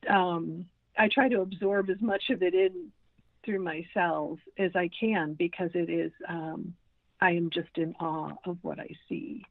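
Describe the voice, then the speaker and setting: A woman in her sixties speaks slowly in a fairly low voice, hesitant and full of ums and restarts as she chats in an interview. Her voice arrives over a thin, phone-like line, dry and close. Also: no room sound. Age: 60s. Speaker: podcast guest. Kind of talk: casual interview conversation.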